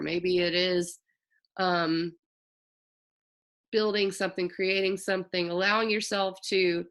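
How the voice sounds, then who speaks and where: A woman talks through an astrology forecast in a casual, rambling way, catching and correcting herself as she goes. Her mid-range voice has a gravelly, fry-tinged edge. She drops slang and talks to her listeners like friends. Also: medium pitch, a bit bright. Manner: loose, chatty, self-correcting with slang. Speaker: astrologer host.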